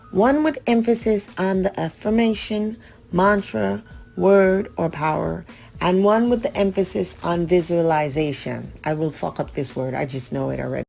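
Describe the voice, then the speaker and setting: Woman, radio host, low voice, gravelly fry, reads instructions, blunt profane asides. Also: a little mellow. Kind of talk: reading ritual steps with casual asides.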